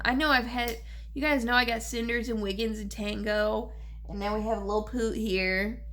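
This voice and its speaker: A young woman, talking in a personal vlog about her grief, halting and repeating herself, short on sleep. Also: on the high side, fairly even intonation, a bit bright. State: grieving, lacking sleep. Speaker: vlogger.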